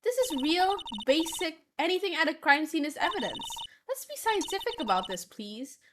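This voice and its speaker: Lady reading an earnest young woman, excitable, high and bouncy, game music behind. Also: normal speed, noisy background. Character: earnest young woman, eager science fan.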